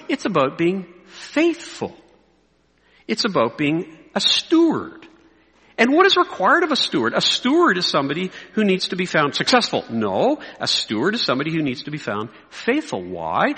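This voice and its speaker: Animated preacher man in a reverberant hall. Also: mid-range voice, slightly rough. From North America. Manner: animated, swings from loud exclamations to quiet asides. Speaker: speaker addressing pastors. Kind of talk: preaching talk to clergy.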